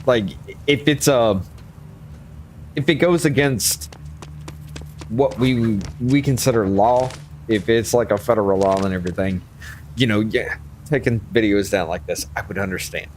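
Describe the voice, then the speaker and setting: A man's voice: on the low side, unhurried, a little mellow, a little hiss or hum. A tipsy man, hosting a casual conversation, arguing emphatically and swearing freely. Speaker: host.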